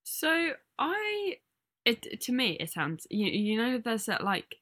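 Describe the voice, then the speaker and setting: A woman's voice: on the high side, huge pitch swings, slow pace, fairly bright tone. A woman co-hosting a podcast in casual chat, giggly and chatty, often trailing off mid-thought. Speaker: podcast co-host.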